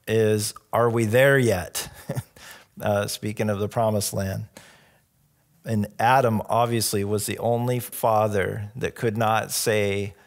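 Low-voiced man telling jokes in a sermon. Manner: relaxed storytelling with jokes and soft laughs. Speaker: pastor. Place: church.

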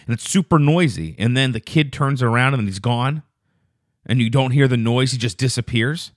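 A man hosting a casual solo podcast, telling a rambling, profane story that turns loud and quick when he gets indignant. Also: medium pitch, dry recording, studio quality. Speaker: podcast host.

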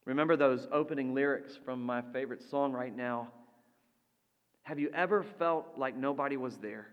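A man preaching a sermon as pastor, slow and deliberate, letting his voice drop soft for quoted lines. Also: medium pitch, clear, resonant tone, lo-fi sound. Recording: long reverb of a large hall.

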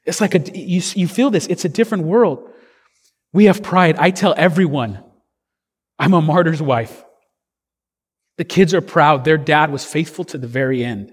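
A man's voice: on the high side, in a large hall. A man preaching a sermon as pastor, earnest and conversational, with fillers and restarts.

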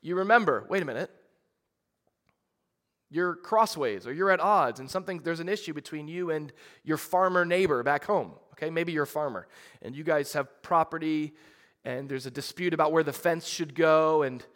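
A man preaching a sermon in a conversational, animated way, with frequent restarts and asides. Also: a little high, moderate pace, big-room sound. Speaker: pastor.

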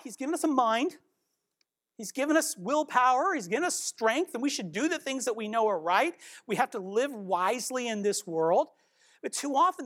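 A woman delivers an earnest devotional Bible teaching with a somewhat high voice. Her pitch moves a lot as she exhorts and questions her listeners. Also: fairly bright tone.

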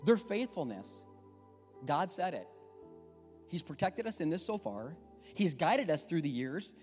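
A man's voice: a little high, very animated, a little slow, darkish tone. Conversational man preaching a sermon. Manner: conversational, storytelling, emphatic. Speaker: pastor. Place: church sanctuary. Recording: echoey hall with faint music.

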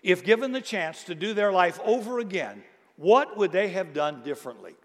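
High-voiced man preaching in a reverberant hall. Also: moderate pace. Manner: jokey, animated storytelling with asides. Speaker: pastor. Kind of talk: humorous sermon. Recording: live sermon in a reverberant hall.

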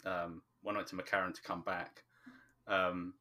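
Man, low deep voice, halting and hesitant, casual podcast co-host. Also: little pitch movement, bright, forceful tone. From from just outside London, England. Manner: hesitant, many ums and restarts. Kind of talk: casual chat about a TV show.

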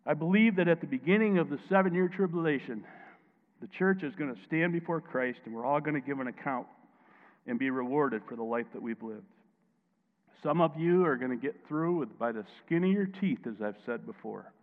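Fiery pastor in an echoing hall. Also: male voice, a little high, brisk. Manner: emphatic, swings from quiet to loud, prompts listeners to answer. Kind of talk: sermon. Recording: tinny phone-like sound, long hall echo.

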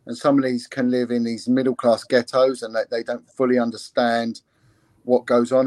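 Man, former detective, earnest, halting, restarts, mid pitch, dry close sound. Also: level tone, a little mellow, dry recording. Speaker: former police investigator. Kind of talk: candid interview talk.

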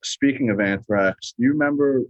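A man's voice: mid-range voice, moderate pace, dry recording, low-quality recording. A man from New York, a musician and guest, chatting from his home studio and rambling with constant "you know"s. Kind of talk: casual interview chat.

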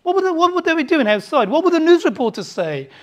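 A preacher delivers a sermon with a lively, rising and falling pitch. He hammers home points with rhetorical questions, swinging from loud outbursts to quiet, hushed asides. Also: fast talker. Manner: emphatic, full of rhetorical questions.

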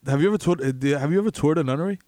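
A man with a New York accent in a casual chat over a video call, excitable and slangy, cursing and laughing easily. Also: on the high side, very fast, dry recording.

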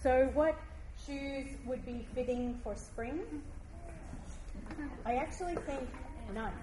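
A woman giving a heartfelt devotional talk, reading scripture aloud slowly and gently. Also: sits high, noisy background.

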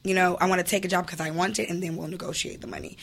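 Bright-voiced woman telling her story. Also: on the low side, steady tone, gravelly. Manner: candid, emphatic, quick to laugh. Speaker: interview guest. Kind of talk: casual interview storytelling.

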